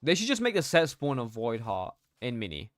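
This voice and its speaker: A man's voice: mid-range voice, huge pitch swings, brisk, no echo, studio quality. A young man streaming a game, chatting casually, reading out his chat and laughing often. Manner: slangy, reads chat aloud, laughs often.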